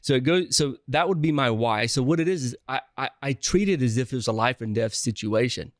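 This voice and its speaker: A Southern man talks through his stories in a casual interview, full of restarts and fillers. His voice sits at an ordinary middle pitch, and the sound is close and dry with no room echo. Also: brisk. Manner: energetic, rambling with restarts and filler. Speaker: guest, real estate investor.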